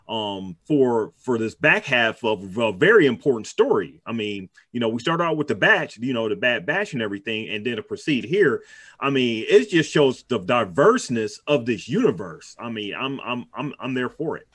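A man's voice: mid-range voice, fairly bright tone, no echo. A man chatting casually on a podcast, rambling with many restarts and fillers. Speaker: podcast co-host. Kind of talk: casual chat.

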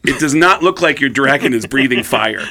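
A man mimicking a brash, loud male rock singer who shouts as he teases a bandmate. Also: medium pitch, expressive, normal speed, gravelly, heavily acted. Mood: earnest. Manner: shouting, incredulous.

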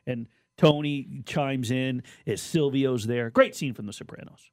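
A man's voice: mid-range voice, a little slow, no echo. A man from Southern Nevada co-hosting a casual sports radio chat, rambling and often restarting his sentences. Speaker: radio co-host.

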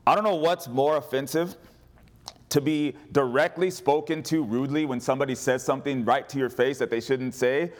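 A man preaching a sermon as pastor, animated and humorous, calling on the congregation to respond. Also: mid-range voice, normal speed.

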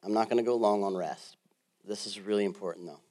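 A male pastor preaching a sermon in a casual, jokey way, swinging from loud bursts to quiet asides. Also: lowish voice, brisk. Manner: animated, swings between loud and soft.

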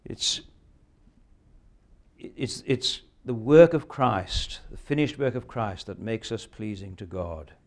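A man's voice: fairly low pitch, animated, takes it slowly, a little mellow. A man in his sixties preaching a sermon, earnest and emphatic, often ending points with rhetorical questions. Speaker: pastor.

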